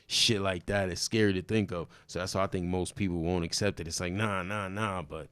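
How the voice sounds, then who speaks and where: A man's voice: deep voice, fairly even intonation, fairly quick, a bit bright, clear, resonant tone, dry recording. A man co-hosting a casual podcast chat, arguing insistently and animatedly in profane street slang. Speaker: podcast co-host.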